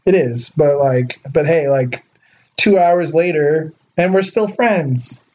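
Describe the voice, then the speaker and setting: A man's voice: a little high, takes it slowly, darkish tone. Rambling man on a muffled podcast. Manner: rambling, heavy use of filler words. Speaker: podcast co-host. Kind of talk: casual chat. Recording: muffled lo-fi recording.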